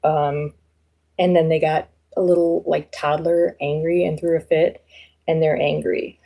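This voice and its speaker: A woman's voice: low-pitched, flat delivery, a little slow, creaky, mellow. A woman doing a casual live tarot reading, chatting loosely to viewers with lots of fillers and easy laughs. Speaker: tarot reader.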